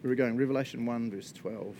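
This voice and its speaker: Chatty, animated male preacher. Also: mid-range voice, quick pace, slight background noise. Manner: animated and chatty, frequent laughs and "right?" check-ins. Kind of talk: casual conversational sermon.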